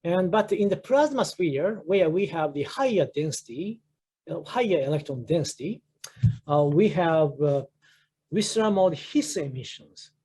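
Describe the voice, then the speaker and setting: A man in his sixties with a Japanese accent delivers an academic seminar talk, pausing often with fillers and restarting phrases. His voice sits fairly high yet sounds mellow and dark. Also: expressive, breathy edge. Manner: halting, many "uh" fillers and restarts. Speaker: professor giving a research seminar. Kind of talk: academic lecture.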